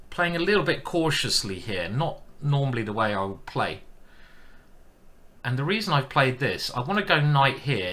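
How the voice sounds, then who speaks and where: A man talks through his chess moves on a live stream, chatting, thinking aloud and teasing himself as he plays. His voice is bright and ringing, at a medium pitch.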